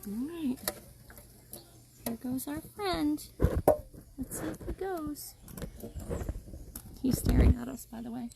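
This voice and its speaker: A woman's voice: high voice, slow, gravelly, long pauses, heavy background noise. A woman educator giving a cheerful live-streamed nature lesson for children outdoors by a pond, explaining things and speaking directly to her young audience. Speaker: wildlife educator.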